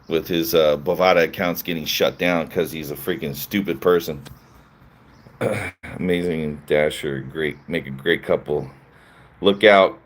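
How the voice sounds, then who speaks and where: A man hosting a casual livestream who reads chat comments and fires back with sarcasm and mocking laughs. His voice sits low. The delivery is loose and conversational. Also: fairly bright tone. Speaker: livestream host.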